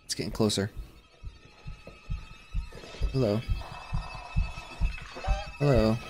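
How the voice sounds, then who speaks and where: A man's voice: fairly low pitch, extremely slow, background noise. Jumpy man commentating a horror game. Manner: rambling, jumpy, shouts when startled. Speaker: gaming channel host.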